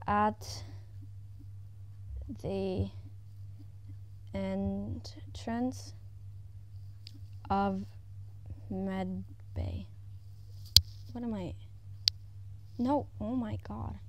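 A woman at home giving casual, excitable commentary as she plays a video game. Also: fairly high pitch, extremely slow, pauses often. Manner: excitable, exclaiming often, chatting to herself. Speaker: gaming YouTuber. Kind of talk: casual let's-play commentary.

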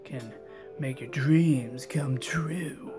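A man voicing a pushy male street hustler with a wheedling sales pitch, over game music. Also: very slow.

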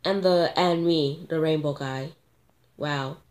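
A woman commentating her own gameplay, excitable and gasping at sudden moments, thinking aloud and talking to viewers. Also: sits low, takes it slowly. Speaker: gamer.

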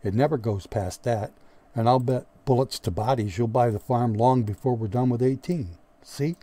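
A man voicing a hard-nosed, moody male squad leader in an audiobook, gruff and menacing, with sudden roaring outbursts. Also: medium pitch, moderate pace, warm tone, close to an everyday voice. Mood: cold. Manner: gruff, menacing, erupts into roars. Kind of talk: audiobook character voice.

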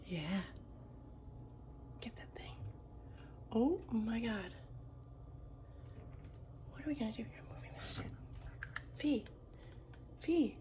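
A woman filming at home by a window, exclaiming excitedly, cooing baby talk and dropping into whispers. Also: on the high side, a little slow, pauses often. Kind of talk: casual home video commentary.

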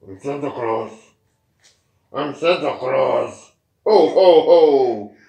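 A woman voicing a jolly, booming Santa Claus with a hearty laugh while reading a picture book to a child. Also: lively intonation, extremely slow, dark tone, heavily acted. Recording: roomy home echo.

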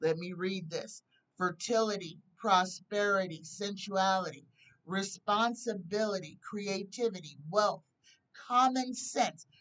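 A woman giving a tarot reading, slowly reading card keywords aloud and earnestly pleading with the viewer. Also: medium pitch, fairly bright tone, far from the mic, poor audio. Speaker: tarot reader.

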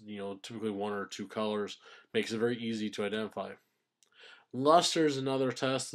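A man teaching a science class in a recorded lecture, explaining step by step and stressing key terms. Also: mid-range voice.

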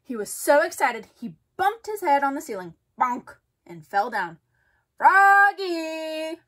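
A woman reads a children's picture book aloud in a high voice that swoops up and down. She is expressive and sing-song, acting out each sound effect with relish. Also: moderate pace, breathy edge. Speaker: children's story reader. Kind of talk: storybook read-aloud for kids.

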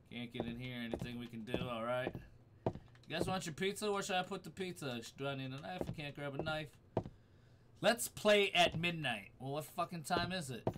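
A man's voice: on the high side, noisy background. A man streaming a horror game live, swearing a lot, jumpy and teary from fright, yelping and laughing at each scare. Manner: profane, jumpy, shrieks and laughs when scared. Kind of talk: live gameplay commentary.

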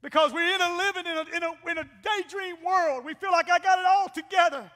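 A middle-aged man preaching a folksy, animated Pentecostal sermon as pastor in a church. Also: very high voice, fairly quick. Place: church sanctuary. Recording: long church-hall reverb.

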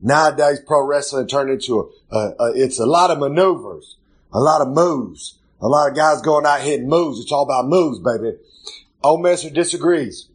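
Husky rowdy man. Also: medium pitch, normal speed. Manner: loose, rowdy, refers to himself in third person. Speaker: wrestler hosting a recurring podcast segment. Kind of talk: rambling comic monologue. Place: home kitchen.

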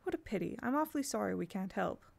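A woman's voice: mid-range voice, animated, quick pace, gravelly, darkish tone. A woman reading aloud, voicing an earnest young girl.

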